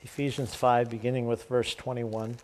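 A man's voice: medium pitch, little pitch movement, normal speed, a little mellow, slight background noise. A man preaching a sermon, reading scripture aloud and then explaining it casually with jokes and asides to the congregation. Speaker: pastor.

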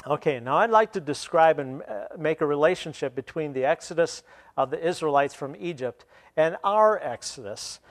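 A man preaching a sermon, retelling scripture and then explaining it with pauses and restarts. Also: fairly high pitch, expressive.

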